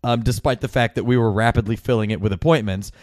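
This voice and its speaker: A man's voice: medium pitch, steady tone, fast, darkish tone, no echo. A man co-hosting a podcast, talking bluntly and sarcastically, swearing freely in casual chat. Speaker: podcast co-host.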